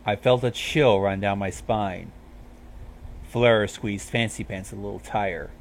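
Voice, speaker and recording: A man's voice: on the low side, fairly even intonation, measured pace, a little hiss or hum. Man casually reading fan fiction aloud. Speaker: reader.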